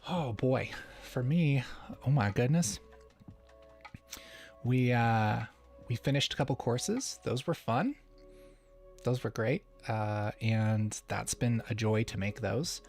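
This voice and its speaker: A man's voice: medium pitch, slow, pauses often, darkish tone, soft background music. A man hosting a casual livestream Q&A, playful and chuckling often as he reads the chat. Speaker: livestream host.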